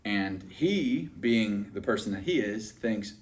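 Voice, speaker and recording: A man's voice: lowish voice, animated, takes it slowly, recorded from a distance, noisy background. A man giving a motivational sales training talk, chatty and often asking "right?" to check in with his listeners.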